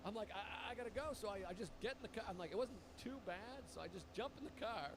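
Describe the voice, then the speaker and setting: Comedian type, high-voiced man, animated and profane, acts out every character, noisy room. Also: fast talker. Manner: animated, acts out people's lines, swears freely. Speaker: comedian telling a story. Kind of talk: casual storytelling chat.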